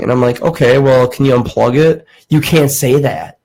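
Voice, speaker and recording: A man's voice: mid-range voice, normal speed, a little hiss or hum, low-quality recording. A young man hosting a casual podcast, telling a story and acting out the voices of the people in it, swearing freely. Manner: animated, acts out quoted voices, swears casually. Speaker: podcast host.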